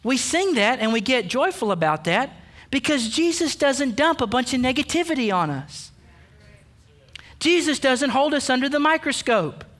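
A man's voice: very high voice, big pitch swings, moderate pace, fairly bright tone. A man pastor preaching a sermon, emphatic and direct, calling out the men with playful asides. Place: church sanctuary.

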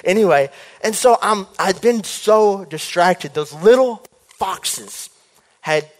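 A young man telling a long personal story in a sermon, chatty and animated, often acting out what people said. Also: high voice, slow pace. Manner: animated, chatty, jumps into quoted voices. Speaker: preacher. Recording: hall reverb.

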